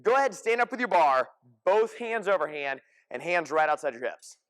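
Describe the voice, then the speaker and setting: A fitness coach with a high-pitched male voice leads a group class. He talks in short, energetic commands and calls out cues as his class moves. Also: brisk. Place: gym class.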